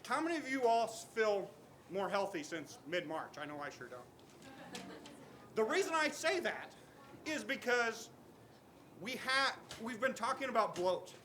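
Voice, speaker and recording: A man with a very high, sharp, piercing voice delivers an impassioned protest speech outdoors. He builds from plain talk to angry shouting at the crowd, and faint noise sits under the sound. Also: big pitch swings, unhurried, long pauses. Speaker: student protest speaker.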